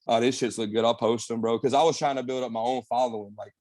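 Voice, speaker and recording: A man's voice: medium pitch, quick pace, no echo. A young man, a bodybuilder guest on a podcast, telling stories casually and animatedly with lots of slang and swearing. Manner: animated storytelling, slangy, swears, says "bro" and "man" a lot. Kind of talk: casual storytelling interview.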